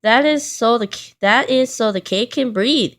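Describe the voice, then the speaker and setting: A woman's voice: a little high, moderate pace, close to an everyday voice. A woman voicing a stubborn, bossy cartoon man in a children's storybook reading. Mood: insistent. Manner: stubborn, insistent.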